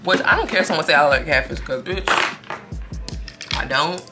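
A woman's voice: low-pitched, expressive, fairly quick, music in the background. A young woman telling a story to her viewers in a casual, slangy, profane way, often quoting what other people said.

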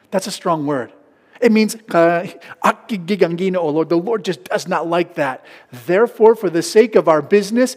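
High-voiced pastor preaching in a reverberant hall. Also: male voice. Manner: mixes English with local Filipino phrases, acts out market haggling. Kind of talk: sermon. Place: church hall.

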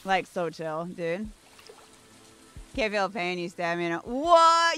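A woman's voice: mid-range voice, expressive, slow pace, pauses often, a bit bright. A woman streaming a game, chatting playfully and giggling as she talks to the characters on screen. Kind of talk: casual gameplay commentary. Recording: faint background music.

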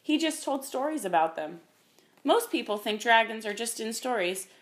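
A woman's voice: on the high side, animated, moderate pace, natural voice. A woman voicing a friendly, practical young girl in a storybook reading, reassuring in tone.

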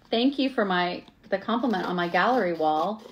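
A woman's voice: mid-range voice, animated, measured pace, highs cut off. A middle-aged woman, chatting casually and laughing at herself as she crafts at her table at home. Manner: chatty, self-mocking, exclaims often. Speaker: craft vlogger. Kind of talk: casual live craft chat.

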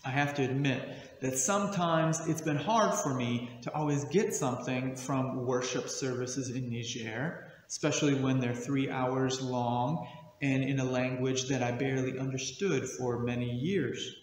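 A man's voice: mid-range voice, steady tone, a little slow, slight background noise. Earnest man preaching in an echoey hall. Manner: earnest, reflective. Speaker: guest speaker, missionary. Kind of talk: sermon. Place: church service recording. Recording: echoey hall with long reverb.

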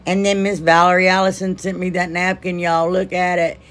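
A woman's voice: on the low side, level tone, normal speed. A woman hosting a craft channel, narrating her project in a chatty, rambling way and gushing with enthusiasm. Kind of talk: casual craft tutorial narration.

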